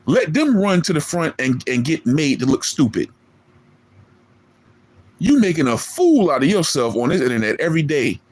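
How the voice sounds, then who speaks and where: A man's voice: a little high, very animated, moderate pace. A man, streaming a boastful, profane callout rant at a rival in street slang. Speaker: online streamer.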